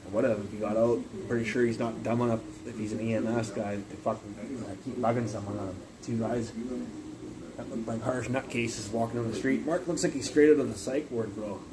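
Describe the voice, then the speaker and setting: A man's voice: medium pitch, steady tone, a little fast, background noise. Profane rambling man on a phone stream. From Canada. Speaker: livestreamer. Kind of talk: rambling casual rant.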